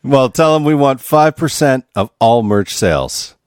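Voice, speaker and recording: A man's voice: mid-range voice, animated, measured pace, darkish tone, clean tone, no room sound, studio quality. A man co-hosting a podcast, telling stories in casual banter, swearing often and laughing. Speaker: podcast co-host.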